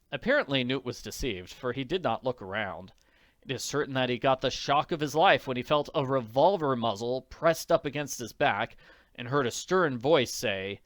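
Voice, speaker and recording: A man reading an audiobook in an expressive narrating voice. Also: mid-range voice, moderate pace, no echo, clean studio sound. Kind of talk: scripted narration.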